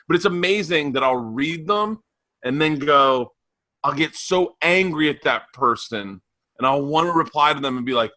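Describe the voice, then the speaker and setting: A man in his forties, a podcast guest telling animated stories in a raspy, loud voice. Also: a little high, normal speed, no room sound. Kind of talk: casual chat.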